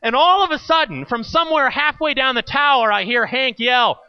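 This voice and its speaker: A man's voice: very high-pitched, moderate pace, smooth, muffled recording. A man preaching an earnest sermon and telling a personal story with drama. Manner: earnest, dramatic storytelling, acts out the people in his stories. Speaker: pastor.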